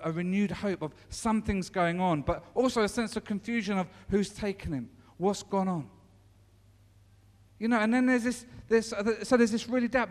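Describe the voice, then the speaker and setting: A high-voiced man preaching an informal sermon, telling the story casually and restarting his sentences often. His voice rings through what sounds like a church hall, with a long reverb behind it. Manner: conversational storytelling with many restarts.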